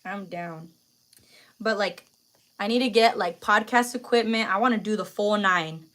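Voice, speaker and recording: A young woman chatting on a live stream. Her voice is bright and forward, and her words come loose, with lots of fillers and slang. She sounds emotional, like she is close to tears. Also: medium pitch, moderate pace. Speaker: livestream host. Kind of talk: casual live stream chat.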